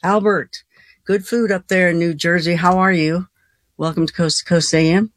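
A woman's voice: on the low side, steady tone, normal speed, dry recording. A woman hosting a late-night call-in radio show, chatty and folksy, laughing easily between callers. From Colorado. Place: radio studio.

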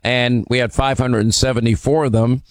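A man's voice: medium pitch, flat delivery, a little fast, no echo. A man hosting a call-in radio talk show. He speaks emphatically with strong opinions and many "uh" fillers. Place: radio studio.

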